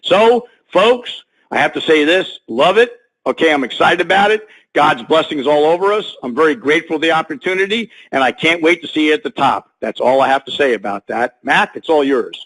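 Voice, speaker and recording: A man giving a pumped-up motivational speech on a conference call, talking loud and full of sports talk. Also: on the high side, lively intonation, a little fast, rough recording. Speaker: guest speaker on a conference call. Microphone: phone.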